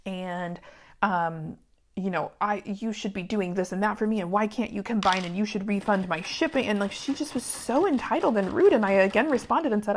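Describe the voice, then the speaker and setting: A woman's voice: mid-range voice, normal speed, a little hiss or hum. Chatty woman venting while she sews. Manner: chatty, venting, drops into whispers while working. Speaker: small business owner and vlogger. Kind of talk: casual chat while sewing.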